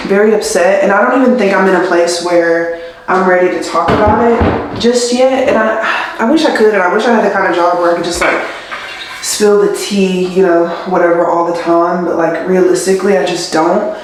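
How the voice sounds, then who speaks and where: Rambling young woman in an echoey room. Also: mid-range voice. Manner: rambling and chatty, heavy use of "like"; confiding and emotional. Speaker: nurse. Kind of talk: casual vlog chat.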